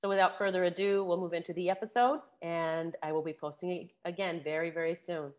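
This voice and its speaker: A woman hosting her own podcast, slightly hoarse from a sore throat, chatting through announcements in a relaxed way with fillers. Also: lowish voice, fairly quick, muffled recording. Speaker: podcast host.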